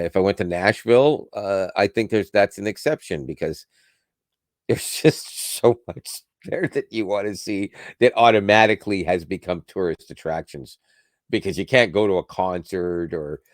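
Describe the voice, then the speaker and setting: Man, low voice, rambling casual podcast chat, lots of restarts, dry close sound. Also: normal speed, no echo. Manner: rambling, many restarts and laughs. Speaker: podcast co-host.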